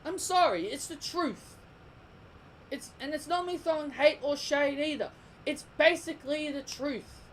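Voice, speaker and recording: A man's voice: very high-pitched, normal speed, fairly bright tone, a little hiss or hum, rough recording. A young man giving a heated, opinionated commentary rant as a vlogger, repeating himself and restarting sentences. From Australia. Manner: heated, repetitive, stumbling restarts. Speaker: wrestling vlogger.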